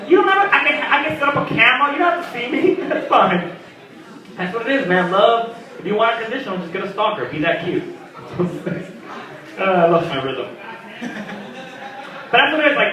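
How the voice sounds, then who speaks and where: A young man doing a stand-up comedy set, animated and acting out characters with sudden loud squawks. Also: sits high. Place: small comedy venue at a birthday party. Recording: echoey room, mic at a distance. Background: audience laughter.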